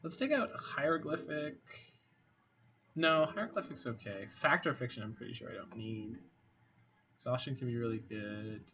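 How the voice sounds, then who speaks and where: Thinking through a card game out loud, this streamer mutters relaxed, wry asides as he weighs each play in casual commentary. His voice is middling in pitch, expressive and a bit bright, at a normal speed. The lo-fi mic sounds slightly dull, with faint clicks and low noise running beneath.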